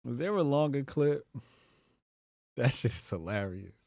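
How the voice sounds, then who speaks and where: A man's voice: mid-range voice, lively intonation, a little slow, creaky, darkish tone, dry recording. Dry-voiced man reacting to clips. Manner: laughs often, blunt and profane, addresses the chat. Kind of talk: casual reaction commentary.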